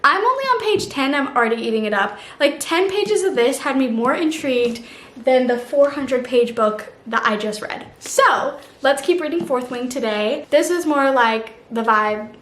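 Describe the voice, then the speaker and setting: A young woman chatting casually about books in a vlog, gushing and animated, full of slang. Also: sits high, normal speed. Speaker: book vlogger. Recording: echoey room with faint ambience.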